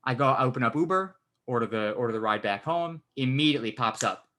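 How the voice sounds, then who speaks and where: A man's voice: mid-range voice, fast. A man co-hosting a podcast, telling a story in casual chat and swearing a lot. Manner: swears a lot, animated retelling. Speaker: podcast co-host.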